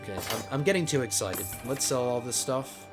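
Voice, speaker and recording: Excitable let's play host, mid-pitched man, casual thinking-aloud commentary over game music. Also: brisk. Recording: game music playing under the voice.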